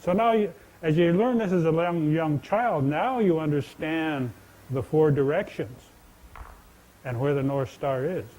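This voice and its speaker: A man tells old legends to an audience from a stage in a large indoor venue. His talk is folksy and chatty, with questions thrown to the crowd. The voice sits a touch high but sounds dark and mellow. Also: measured pace, rough recording. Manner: folksy, conversational, addresses listeners directly. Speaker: storyteller and speaker. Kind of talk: telling traditional legends to an audience.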